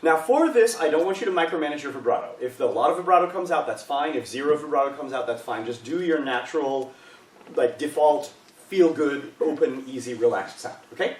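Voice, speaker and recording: A man with a somewhat high, expressive voice speaks a little fast, far from the mic, in an echoey rehearsal room with faint hiss. Leading a choral workshop, he patiently and encouragingly explains vocal exercises to a group of singers.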